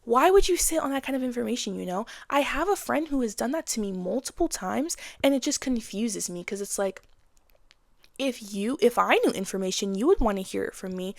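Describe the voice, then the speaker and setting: A woman's voice: a little high, lively intonation, fairly quick, gravelly, dry recording, studio quality. A woman in her twenties giving frank, casual advice in a blunt monologue, with slang and swearing. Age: 20s. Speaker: vlogger.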